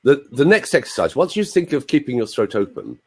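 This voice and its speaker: Animated male voice coach, husky. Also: medium pitch, fairly quick. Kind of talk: live video interview.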